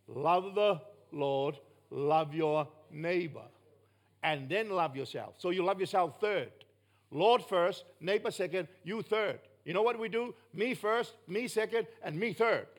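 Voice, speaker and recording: A man preaching with a noticeably high voice. He presses his points emphatically, climbing to loud bursts before dropping back to quiet asides. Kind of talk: sermon.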